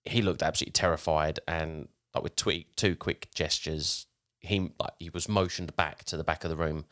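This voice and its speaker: A man with a very low, deep voice spins a long tale in a relaxed podcast chat. He wanders and restarts his sentences as he goes, keeping it casual. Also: normal speed. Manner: rambling, with frequent restarts while retelling a tale. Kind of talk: casual storytelling.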